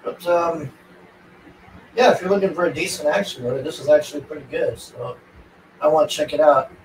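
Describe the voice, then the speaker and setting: A man's voice: fairly high pitch, brisk. A man casually recapping a movie plot for his viewers, rambling and swearing, with lots of "like" and "and all this". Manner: rambling, profane, heavy filler words. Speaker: vlogger reviewing a movie. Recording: roomy, distant mic with faint ambient noise.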